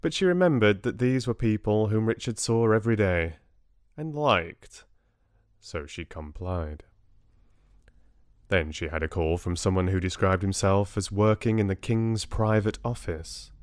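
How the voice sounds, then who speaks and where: A British man narrating an audiobook calmly, in a measured storytelling manner, close to the mic. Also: lowish voice, no room sound.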